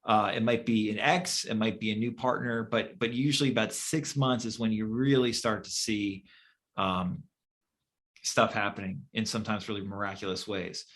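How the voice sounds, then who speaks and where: A man's voice: fairly low pitch, little pitch movement, moderate pace, fairly bright tone. A man co-hosting a casual chat as a manifestation coach, blunt and swearing casually, with lots of fillers.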